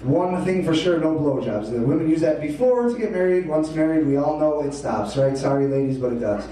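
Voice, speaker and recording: A man tells stand-up jokes in a chatty, confiding way, as if letting the crowd in on a secret. His tone is mellow and a touch high. The mic sits far off in a very echoey room with faint noise. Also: expressive, fairly quick. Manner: conversational, confiding asides to the crowd. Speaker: stand-up comedian. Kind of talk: stand-up comedy set.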